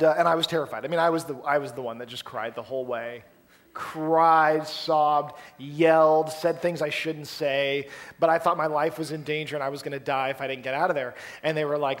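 A man preaching a sermon in a storytelling style, with animated delivery and acted-out quotes. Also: on the high side. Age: adult, past college. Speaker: pastor.

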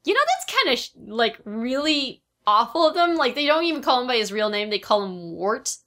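A woman co-hosting a podcast and chatting casually about a film, retelling scenes in an animated, giggly way. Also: on the high side, a little fast. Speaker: podcast co-host.

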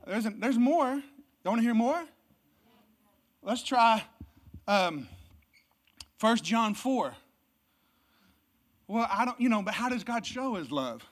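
A pastor preaching a Christmas sermon, swinging from loud, emphatic exclamations to low, hushed delivery. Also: animated, takes it slowly, pauses often. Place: church service.

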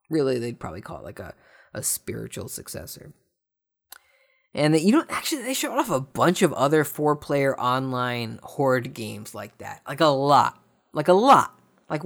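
An American man chats loosely about game announcements at a middling pitch. He wanders off track, loses his words, and drops wry, sarcastic remarks along the way. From United States. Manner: rambling, trails off, sarcastic asides. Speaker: host. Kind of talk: casual gaming news commentary.

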